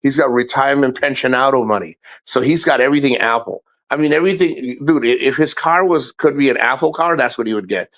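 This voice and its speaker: A man's voice: medium pitch, fairly bright tone, no room sound. Guy rambling on his livestream, cussing a lot, keeps restarting what he says. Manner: rambling, profane, halting restarts. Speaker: livestream host. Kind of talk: casual livestream chat.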